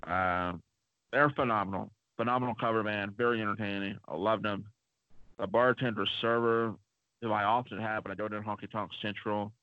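A man's voice: lowish voice, steady tone, a little fast, dry recording. A man co-hosting a podcast, telling rambling stories in a chatty way with lots of fillers. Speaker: podcast co-host. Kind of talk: casual podcast storytelling. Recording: dull lo-fi dry sound.

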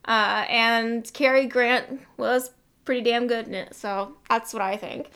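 Smooth, slightly high woman co-host. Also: fairly even intonation, measured pace, fairly bright tone. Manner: upbeat, peppered with ums and little cheers. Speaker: podcast co-host. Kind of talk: casual chat.

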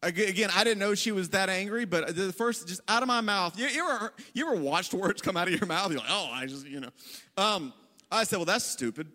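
A man's voice: high voice, lively intonation, a little fast, bright, forceful tone. A male pastor tells a self-deprecating story in a casual, joking sermon to his congregation. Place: church hall. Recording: long reverb of a large hall.

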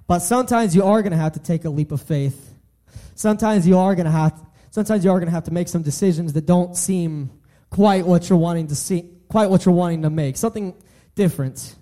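A man's voice: sits high, a little fast, mellow. A young man giving an earnest sermon, often restarting and repeating his phrases. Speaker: preacher.

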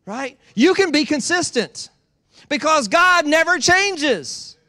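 Pastor, male, high and bright, emphatic repetitive preaching with rhetorical questions. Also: lively intonation, slow pace. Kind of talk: sermon. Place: church in Georgia.

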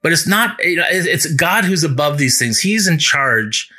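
A male pastor preaching a sermon, earnest, often slowing down to stress key words. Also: a little high, lively intonation, sharp tone.

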